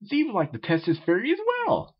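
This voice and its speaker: A man's voice: wildly swooping pitch, a little fast, slightly rough, exaggerated voice. A man voicing an odd young man who talks about himself in the third person, in a muffled lo-fi recording. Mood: eager. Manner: high, third-person speech.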